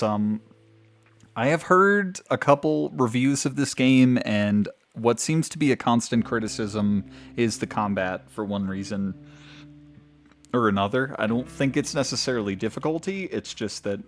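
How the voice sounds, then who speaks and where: A man streaming a video game, giving rambling casual commentary and chuckling often. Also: on the low side.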